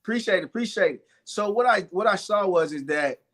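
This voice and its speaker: A man's voice: high-pitched, animated, fairly quick, fairly bright tone. A middle-aged man, a guest entrepreneur, telling his life story earnestly in a live interview, repeating phrases and stacking up lists of hardships.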